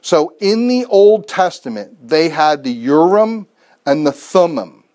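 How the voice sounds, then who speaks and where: A man with a slightly higher pitched voice preaches in a loose, conversational way. He tells everyday stories and answers his own rhetorical questions. Now and then he pokes fun at himself. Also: very animated, slow pace, a little mellow. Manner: conversational storytelling, rhetorical questions, self-deprecating asides. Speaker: pastor. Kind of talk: casual sermon.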